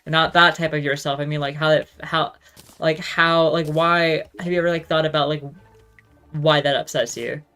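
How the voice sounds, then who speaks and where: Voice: medium pitch, steady tone, moderate pace, pushed and bright, clear, resonant tone, faint music behind. A speaker ranting casually in a rambling monologue, swearing freely and filling every gap with "like.". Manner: rambling, profane, heavy use of "like". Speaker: solo talk show host.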